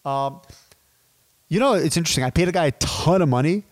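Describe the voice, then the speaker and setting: A man in his thirties teaching business as a podcast guest, animated and casual, addressing listeners as dude and my friends. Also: fairly high pitch, brisk, no room sound. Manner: acts out sales calls in quoted voices.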